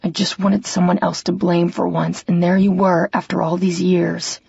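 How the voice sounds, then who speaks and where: A woman's voice: lowish voice, little pitch movement, normal speed, creaky, darkish tone, husky, no room sound, muffled recording, heavily acted. A woman voicing a protective, guilt-ridden young man who speaks urgently and with hostility, in an audiobook. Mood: hostile. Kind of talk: audiobook character voice.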